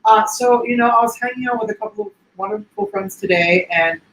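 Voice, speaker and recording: A man co-hosting a casual livestream tells stories in an effusive, chatty way. His voice sits high and a bit bright, moving fairly quickly. The room is echoey with faint ambience.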